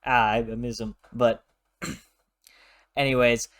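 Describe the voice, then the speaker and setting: A man hosting a casual book vlog, talking in a playful, animated, rambling way, often correcting himself and clearing his throat. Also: medium pitch, extremely slow. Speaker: book reviewer, channel host.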